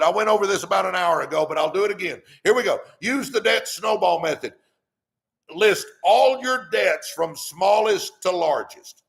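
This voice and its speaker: Hosting a live stream, a middle-aged man preaches money advice in a fired-up way, repeatedly saying "come on." His voice is high-pitched and creaky with a fairly bright tone.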